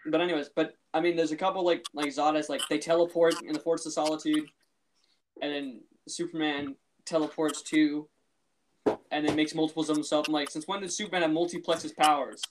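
A man co-hosting a casual podcast, chatty and amused, his sentences full of "like" and restarts. His voice sits a little higher than most men's. A faint hiss runs under his speech. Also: flat delivery, brisk. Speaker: podcast co-host. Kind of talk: casual chat.

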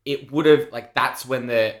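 A man's voice: mid-range voice, steady tone, normal speed. A man co-hosting a film and TV podcast, chatting casually and rambling with lots of fillers. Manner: rambling, filler-heavy, enthusiastic. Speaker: podcast co-host. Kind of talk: casual chat reviewing a TV show.

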